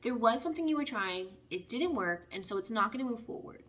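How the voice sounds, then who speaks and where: A young woman with a fairly high voice talks through a tarot spread in a loose, chatty way. She is playful and animated, jumping between advice and little jokes as she reads the cards. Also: fast talker, few pauses. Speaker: tarot reader. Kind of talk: casual spoken tarot reading.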